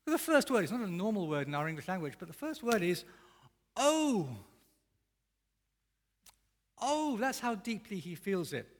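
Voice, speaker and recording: A man preaching a sermon as pastor, with emphatic, expressive delivery that rises and falls in intensity. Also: high-pitched, fairly quick, few pauses, big-room sound, a little hiss or hum.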